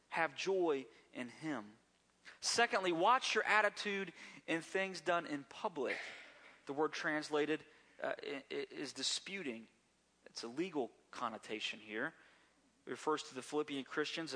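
Bright-voiced male pastor preaching conversationally. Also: fairly high pitch. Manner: conversational preaching with rhetorical questions. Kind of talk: sermon.

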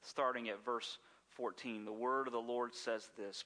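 A man's voice: medium pitch, steady tone, unhurried, pushed and bright, in a large hall. A man preaching a sermon as pastor, telling stories in a folksy way with frequent restarts and repeated words.

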